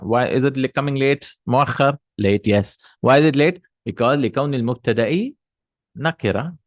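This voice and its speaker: A man's voice: mid-range voice, no room sound. A man teaching Arabic grammar in a recorded lesson, explaining step by step and answering his own questions.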